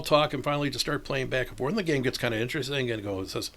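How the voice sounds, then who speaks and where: A man's voice: medium pitch, very fast, hardly any pauses. An older man from northern Illinois, a chess club organizer telling stories in a casual interview and acting out the voices of the people in them. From northern Illinois, USA. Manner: animated storyteller acting out quoted voices, laughs often.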